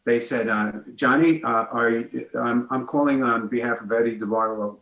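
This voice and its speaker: A man's voice: medium pitch, normal speed, fairly bright tone, reverberant, poor audio. A man, a guest comedian telling a story on a talk show and acting out the voices in it.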